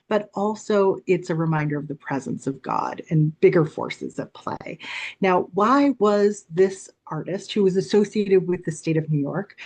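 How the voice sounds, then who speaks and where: A woman's voice: on the low side, darkish tone. Woman presenting a slide-talk art lecture. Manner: explanatory, conversational with fillers. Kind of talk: illustrated public lecture.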